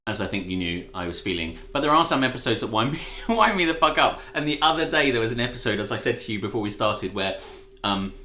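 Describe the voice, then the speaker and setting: A man's voice: mid-range voice, very animated, quick pace, sharp tone, roomy sound. A man co-hosting a live stream, telling a ranty, sweary story in casual chat. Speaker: co-host.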